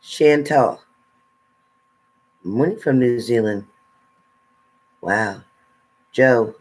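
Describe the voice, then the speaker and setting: A man hosting a casual tarot live stream, reading out viewers' names and comments. He talks slowly and unhurriedly, with a middle-pitched voice and sassy retorts. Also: darkish tone.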